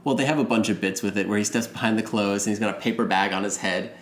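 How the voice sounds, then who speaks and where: A man's voice: lowish voice, quick pace, fairly bright tone. A man casually recapping a movie in a rambling way, acting out the characters' lines as he goes. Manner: rambling, retells scenes with acted quotes. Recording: roomy room with faint noise.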